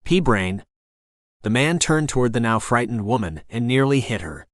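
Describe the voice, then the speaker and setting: Man, audiobook narrator, steady storytelling read, mid pitch, dry close recording. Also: brisk, no echo. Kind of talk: scripted first-person narration.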